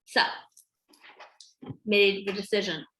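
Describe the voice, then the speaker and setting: A woman coach chatting casually to camera at home, lively and acting out what she and others said. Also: medium pitch, takes it slowly, background noise. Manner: animated, acts out her own quotes. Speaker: health coach. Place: home room with a board behind her. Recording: echoey room.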